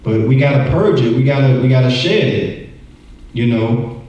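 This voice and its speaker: A man teaching a church lesson in a relaxed, talky way. He often repeats words as he speaks. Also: mid-range voice, normal speed, highs cut off. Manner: conversational, repeats words, acts out voices. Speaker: Bible study teacher. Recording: echoey room, distant mic.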